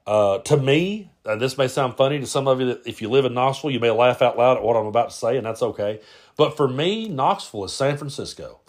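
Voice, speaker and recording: A man's voice: mid-range voice, animated, brisk. Rambling man hosting a podcast. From Appalachian Kentucky-Tennessee border. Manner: rambling, frequent "uh" and repeats. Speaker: podcast host. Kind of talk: casual solo Q&A podcast.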